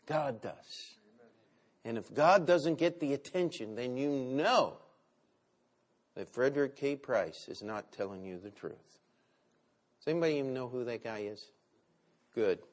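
A man preaching a sermon, with big swings between loud and quiet. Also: mid-range voice, expressive, a little slow, pauses often. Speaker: pastor.

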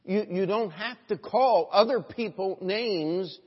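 In a church sanctuary, a male pastor with a high, husky voice delivers a slow sermon, sinking into quiet reflection before rising to loud, emphatic exhortation and often asking his congregation for an "Amen?". Long church reverb trails every phrase, and the recording sounds somewhat dull.

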